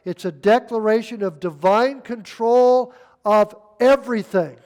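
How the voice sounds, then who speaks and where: A man's voice: high-pitched, a little slow, darkish tone. A man preaching a sermon, emphatic and folksy, reading scripture aloud. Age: 60s. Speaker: pastor.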